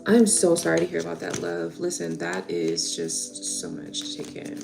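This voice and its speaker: A woman's voice: lowish voice, sing-song, normal speed, vocal fry, over music. A young woman giving tarot readings on a live stream, chatting casually and emotionally with viewers.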